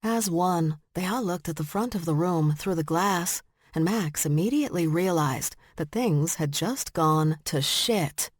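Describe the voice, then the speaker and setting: Low-voiced woman narrating an audiobook. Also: no room sound, clean studio sound. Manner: slow, measured storytelling. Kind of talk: scripted narration.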